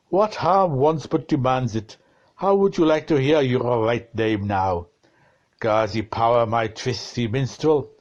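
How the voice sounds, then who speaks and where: A man reading a dense novel aloud, slow and deliberate, shifting his tone for the quoted exchanges. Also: mid-range voice, darkish tone, dull audio. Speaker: reader of a novel.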